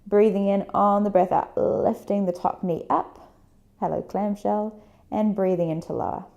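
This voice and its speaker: A woman fitness instructor leading a workout, giving calm breathing and movement cues with chatty asides. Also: medium pitch, normal speed, vocal fry, lo-fi sound.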